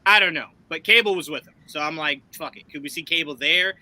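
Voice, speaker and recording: Male host, high bright voice, animated, laughs a lot, swears. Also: fast talker, poor audio. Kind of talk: casual live-stream chat.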